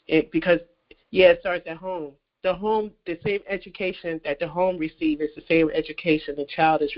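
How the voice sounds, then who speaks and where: A man speaking as a party general secretary, calm and firm as he makes his point. His voice sits a little high for a man, and the call sound is dull and lo-fi. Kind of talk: political commentary on a call. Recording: muffled lo-fi call audio.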